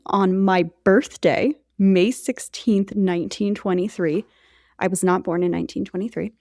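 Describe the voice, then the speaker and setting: Gravelly-voiced woman telling a history story. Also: medium pitch, darkish tone, dry recording, studio quality. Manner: chatty, jokey asides to co-host. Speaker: podcast co-host. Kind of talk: casual storytelling podcast.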